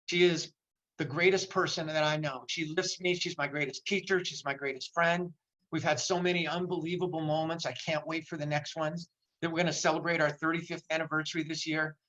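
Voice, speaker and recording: Impassioned older man, bright voice. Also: on the high side, fairly even intonation, fairly quick, low-quality recording. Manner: impassioned, emotional, repeats for emphasis. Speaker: motivational speaker. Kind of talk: virtual seminar talk. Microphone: video call.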